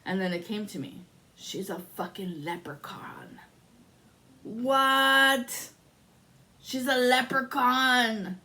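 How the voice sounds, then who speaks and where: Woman tarot reader, casual and profane, a little high-pitched, rambling storyteller. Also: slow, long pauses. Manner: excitable storytelling.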